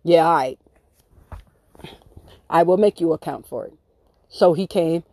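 A woman hosting a podcast, telling a story in a blunt, profane, animated way with acted-out quotes. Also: deep voice, unhurried, pauses often, no echo. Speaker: podcast host. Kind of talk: casual storytelling monologue.

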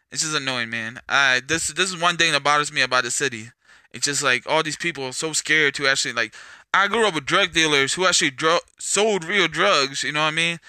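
Bright-voiced man ranting on a podcast. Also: fairly high pitch, dry recording. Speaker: podcast host. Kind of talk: casual solo podcast rant.

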